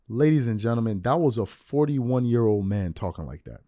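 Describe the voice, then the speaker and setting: A man in his forties hosting a solo sports podcast, talking straight to the mic with animated, mocking rants. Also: mid-range voice, brisk, few pauses, dry recording, clean studio sound. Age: 40s. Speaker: podcast host.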